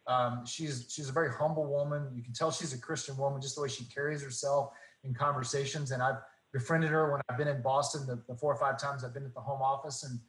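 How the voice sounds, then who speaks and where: A man telling faith stories in casual talk, earnest and animated, acting out the dialogue. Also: mid-range voice, fast, hardly any pauses, echoey room, low-quality recording. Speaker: guest.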